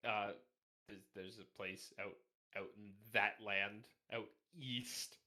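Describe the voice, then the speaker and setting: A man from Canada with a very bright, forceful voice chats on a podcast. He rambles and jokes as he talks. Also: fairly low pitch, steady tone, slow. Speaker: podcast guest. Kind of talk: casual podcast chat.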